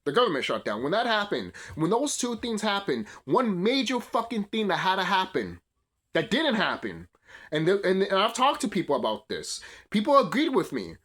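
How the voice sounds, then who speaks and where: A man's voice: high-pitched, wildly swooping pitch, normal speed, fairly bright tone. A young man hosting his channel, delivering a heated, profane, rambling rant. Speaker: video channel host. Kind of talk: ranting commentary.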